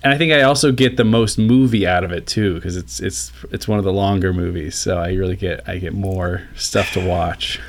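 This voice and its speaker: A man's voice: low voice, moderate pace, few pauses, a little hiss or hum. A man co-hosting a podcast, talking casually with hesitant starts while telling stories. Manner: hesitant, restarts, storytelling. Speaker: podcast co-host. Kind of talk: casual chat.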